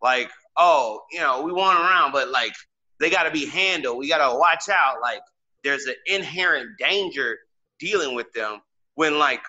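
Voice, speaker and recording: A man's voice: a little high, expressive, moderate pace, bright, forceful tone, muffled recording. A man co-hosting a casual podcast, talking emphatically and leaning hard on filler words. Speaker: podcast co-host.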